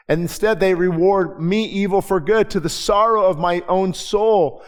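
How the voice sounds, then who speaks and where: A man preaching to his congregation in a voice pitched a little above the usual male range. He reads scripture slowly and deliberately, then drops into quick, conversational asides to explain it. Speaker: pastor. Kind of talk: sermon. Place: church.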